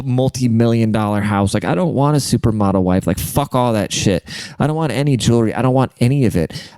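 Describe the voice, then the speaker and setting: Male comedian hosting a solo podcast: swearing, jokey monologue, smooth voice on a dry close mic. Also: fairly low pitch, a little mellow, no room sound. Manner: rambling, profane, jokey.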